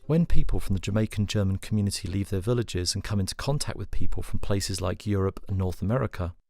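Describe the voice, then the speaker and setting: A man reading scripted documentary narration in an even, measured way. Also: low voice, gravelly, no echo. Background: guitar and harmonica music.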